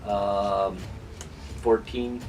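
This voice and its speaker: A man narrating as game master of a tabletop game, animated and hesitant. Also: fairly low pitch, extremely slow. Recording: distant mic with music behind.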